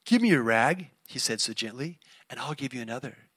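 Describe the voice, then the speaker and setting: A man voicing a tall, strong male ragman in a storybook reading, who cries his wares down the street and speaks gently to the people he helps. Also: medium pitch, very animated, normal speed, no echo, voice pushed down. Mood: gentle. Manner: bellowing street cries, then hushed and tender.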